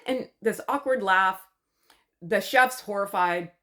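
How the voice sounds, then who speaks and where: A woman's voice: medium pitch, animated, moderate pace, a bit bright. A woman from Canada giving a gossipy, sarcastic recap of a TV show, chatty and mocking. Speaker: commentary vlogger.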